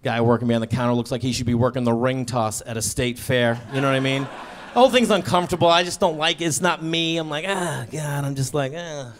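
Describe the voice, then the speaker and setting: A man's voice: mid-range voice, fast. A man performing a stand-up comedy set, telling a story in an awkward, sheepish way with bursts of exasperation. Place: comedy stage before a live audience.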